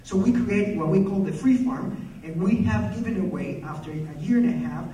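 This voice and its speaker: A man's voice: high-pitched, normal speed, warm tone. A man giving a passionate, storytelling speech at a conference. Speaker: conference speaker. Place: conference hall. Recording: echoey hall, mic from far off.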